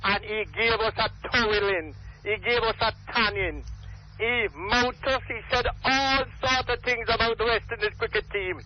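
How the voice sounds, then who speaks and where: A man's voice: high voice, normal speed, a little hiss or hum. An older man with a Jamaican accent calling in to a radio talk show, speaking in an emphatic, rambling, repetitive way. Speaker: radio call-in caller. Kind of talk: impassioned call-in talk. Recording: muffled phone-in radio line.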